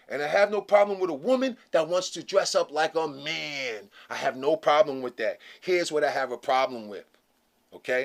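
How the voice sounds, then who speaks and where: A middle-aged man sounding off in a loose, casual rant. His voice sits high for a man, and he circles back over his points, breaking into laughing asides. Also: gravelly. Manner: animated, repetitive, laughing asides. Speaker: vlogger.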